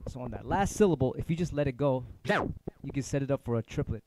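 A middle-aged man with a medium-pitched voice talks fast while teaching turntable scratching in a casual livestream lesson. He rambles loosely and swears offhand, with turntable music playing underneath and some background noise.

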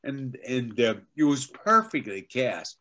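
An older man, a veteran voice actor and teacher, telling animated anecdotes as an interview guest. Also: mid-range voice, measured pace. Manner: animated anecdotes, acts out quotes. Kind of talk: casual interview storytelling.

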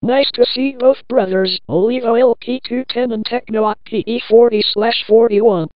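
A woman's voice: on the high side, fairly even intonation, moderate pace, no room sound, close to an everyday voice. A synthetic woman's voice playing a boastful, threatening lamp fixture, in a dull lo-fi recording. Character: proud lamp fixture, newly found brother.

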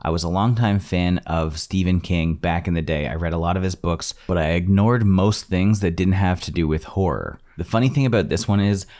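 A man's voice: low-pitched, brisk, few pauses, darkish tone. A man hosting a casual first-time movie reaction, chatty and thinking aloud as he goes.

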